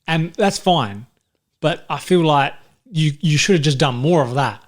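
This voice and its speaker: A man co-hosting a movie review podcast, talking fast and mocking the film with put-on voices. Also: fairly high pitch. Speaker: podcast co-host. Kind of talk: casual movie review chat.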